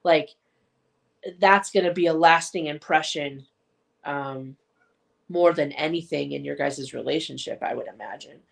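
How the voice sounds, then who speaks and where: A woman co-hosting a podcast in loose, casual chat. She rambles with lots of fillers and restarts, in a lowish voice with a gravelly fry. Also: a little slow, pauses often. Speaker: podcast co-host.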